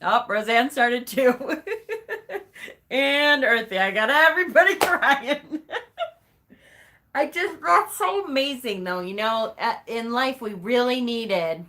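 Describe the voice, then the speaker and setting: A woman talking slowly and unhurriedly in a casual livestream chat. Her voice is bright and forward, and she gushes over viewers' comments with open emotion. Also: fairly low pitch. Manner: chatty, reads and answers viewer comments, calls them honey; gushing, emotional. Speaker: livestream host.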